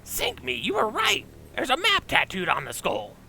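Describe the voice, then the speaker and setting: A man voicing a greedy, scheming male goblin smuggler boss over game audio, with a raspy, nasal, theatrical delivery. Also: extremely high pitch, huge pitch swings, moderate pace, sharp tone, faint music behind, pitched above the performer's own voice, full character voice, rough recording.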